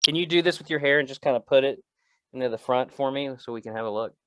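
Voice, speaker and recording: A man co-hosting an improvised comedy podcast, rambling and joking with big swings in pitch. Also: fast, pushed and bright, slight background noise. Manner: rambling, jokey, shifts pitch a lot. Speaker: podcast co-host.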